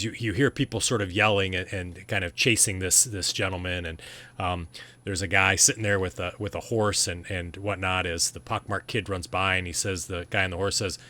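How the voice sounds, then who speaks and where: A man's voice: sits low, pushed and bright. A man narrating a tabletop game as game master, rambling with many ums and restarts.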